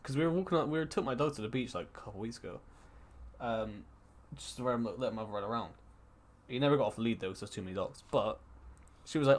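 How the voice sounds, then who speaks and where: Fast-talking, with a mid-range voice, this podcast co-host rambles his way through a casual chat on an online call, full of restarts and swearing.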